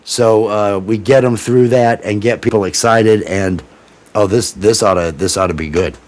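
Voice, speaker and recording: A man's voice: on the low side, moderate pace. Rambling male livestream host. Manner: rambling, swearing, loose excitable storytelling. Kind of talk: casual chat.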